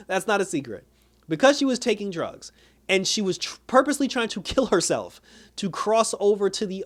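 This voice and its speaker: A man casually recapping a TV episode, retelling scenes with acted-out quotes and breaking into laughs. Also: a little high. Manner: animated retelling, acts out quotes, laughs at the plot. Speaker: TV show reviewer.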